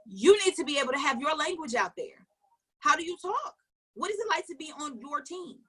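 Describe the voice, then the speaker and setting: Bright, high-voiced woman coaching emphatically. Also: expressive, brisk. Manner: emphatic, questioning, repeats phrases. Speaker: network marketing coach. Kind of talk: motivational coaching talk.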